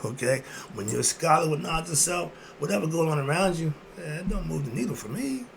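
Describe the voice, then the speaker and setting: A man's voice: on the high side, sing-song, fairly quick, gravelly, noisy background. A man in his sixties hosting his own video, ranting bluntly and answering his own rhetorical questions. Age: 60s. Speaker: video host. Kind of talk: ranting monologue.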